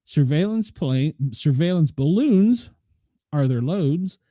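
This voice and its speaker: A man's voice: on the high side, lively intonation, slow pace, warm tone, dry recording, studio quality. A man hosting a news show, reading stories aloud and breaking in with blunt, opinionated asides. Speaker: news commentary host.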